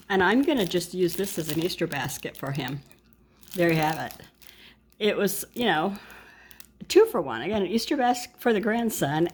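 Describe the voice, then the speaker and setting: An older woman chats her way through a shopping haul, wandering into asides and correcting herself as she goes. Her voice sits a bit low for a woman. She sounds like a friendly grandmother talking straight to the camera. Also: breathy edge. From United States. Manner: chatty and rambling, with asides and self-corrections. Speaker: vlogger showing a shopping haul. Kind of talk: casual chat to camera.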